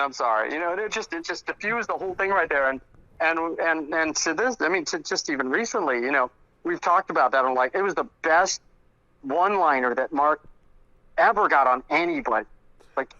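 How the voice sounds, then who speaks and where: A man with a bright, forceful voice recounts old stories in animated, chatty fashion, slipping into the voices of the people he quotes. His voice sits a bit high for a man. The audio is dry and dull, like a lo-fi call recording. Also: fairly quick, no room sound. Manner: animated, acts out quoted dialogue in raised voices. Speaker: guest, close friend recalling the deceased. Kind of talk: conversational storytelling. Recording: muffled lo-fi audio.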